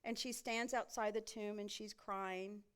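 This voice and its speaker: A woman's voice: mid-range voice, steady tone, a little slow, fairly bright tone, clear, resonant tone. A woman pastor preaching a sermon in a church sanctuary, often turning to the congregation with rhetorical questions.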